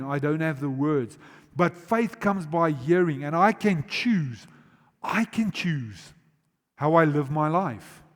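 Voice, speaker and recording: High-voiced pastor preaching. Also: male voice. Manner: swings between loud urgent emphasis and quiet, slow, drawn-out words; asks the congregation questions directly. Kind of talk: sermon. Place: large church auditorium. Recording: long reverb of a church hall.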